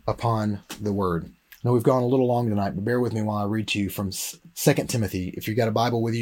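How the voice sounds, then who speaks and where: Man, Bible teacher, slightly husky voice, storytelling sermon delivery, reads scripture aloud. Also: medium pitch, a little mellow. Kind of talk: sermon-style Bible lesson.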